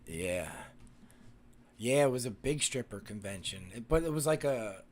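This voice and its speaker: A man's voice: medium pitch, expressive, normal speed. A man, hosting a casual live stream and chatting with viewers in a rambling, profane way, full of fillers and restarts.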